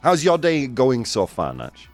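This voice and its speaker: A male radio host doing live banter, energetic and chatty, laughing often and a bit out of breath. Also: medium pitch, unhurried, dry recording, soft background music. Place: radio studio.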